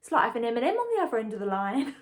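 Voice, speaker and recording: A woman's voice: a little high, sing-song, racing. An actress playing a chatty young Englishwoman. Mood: breezy. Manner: confiding, gossipy, breezy. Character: chatty young woman engaged to a condemned prisoner. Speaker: lead character in a monologue. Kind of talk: dramatic monologue.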